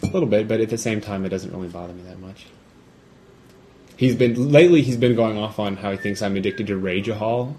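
A man's voice: fairly low pitch, a little fast, a little mellow, slight background noise. Laid-back young man chatting wryly. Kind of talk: casual chat.

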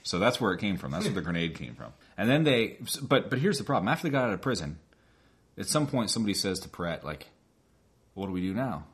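Low-pitched male podcast co-host, very animated, casually breaking down a film and acting out its scenes. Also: fast. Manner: animated, acts out lines from the film. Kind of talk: casual movie discussion.

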